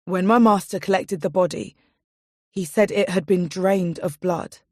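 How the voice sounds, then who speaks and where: A woman's voice: lowish voice, a little slow, darkish tone, no room sound, studio quality. A woman voicing an earnest young man who pleads anxiously, in an audiobook. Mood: worried.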